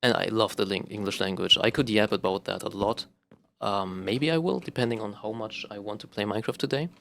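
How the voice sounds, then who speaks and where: A man's voice: on the low side, brisk, vocal fry, a bit bright. Rambling young man. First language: German. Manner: rambling, profane, self-correcting, many ums. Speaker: vlogger. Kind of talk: casual monologue to camera.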